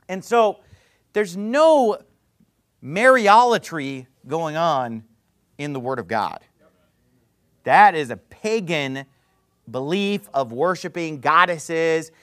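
A man's voice: fairly high pitch, expressive, slow, pauses often, a bit bright. A man preaching a sermon, full of rhetorical questions and sarcastic jabs. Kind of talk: fiery street-preacher sermon.

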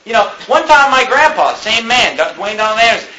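A man preaching a fiery sermon, rising to shouts at his peaks and dropping to a conversational tone for stories. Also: high voice, very animated, a little fast, low-quality recording. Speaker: pastor.

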